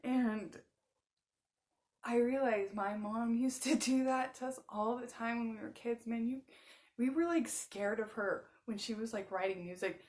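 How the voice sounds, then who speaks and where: Woman in her 30s just chatting, kinda high voice, lots of likes and ums, laughs a lot. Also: measured pace, darkish tone. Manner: rambling, many filler words, frequent laughs. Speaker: spiritual channeler and musician. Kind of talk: casual monologue.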